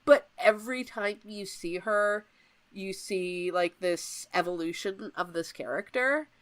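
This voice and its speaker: A woman's voice: mid-range voice, measured pace. A woman co-hosting a podcast in casual chat, walking through scenes point by point. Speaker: podcast co-host leading the episode walkthrough.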